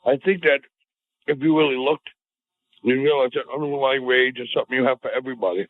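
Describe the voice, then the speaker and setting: A man's voice: mid-range voice, steady tone, fast, dry recording. A man co-hosting a podcast, needling his partner in casual, profane banter with a sarcastic edge. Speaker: podcast co-host. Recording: phone-like lo-fi audio.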